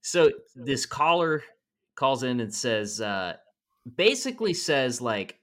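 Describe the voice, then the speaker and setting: A man's voice: mid-range voice, big pitch swings, slow, fairly bright tone. A man co-hosting a comedy podcast, chatting casually with sarcastic, wry remarks. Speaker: podcast co-host.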